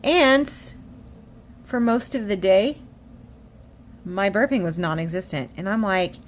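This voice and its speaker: Woman vlogger, chatty and animated, slightly shaky, mid pitch, faint hiss behind. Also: slow. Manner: animated storytelling, acts out quotes. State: shaky, emotional. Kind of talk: casual chatty vlog update.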